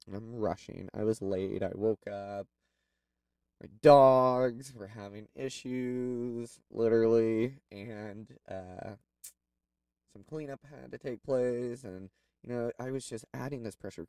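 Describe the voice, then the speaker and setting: A man's voice: mid-range voice, measured pace, warm tone, smooth, dry recording, distant mic, poor audio. A man telling a personal story in a candid, rambling way, with plenty of fillers. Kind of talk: personal reflective monologue.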